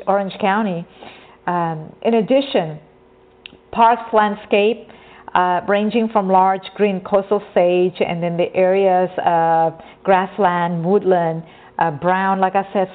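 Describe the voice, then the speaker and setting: A young woman from California talking casually as a podcast host, rambling and conversational, often circling back to earlier points. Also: medium pitch. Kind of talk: casual informational monologue. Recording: tinny phone-like audio.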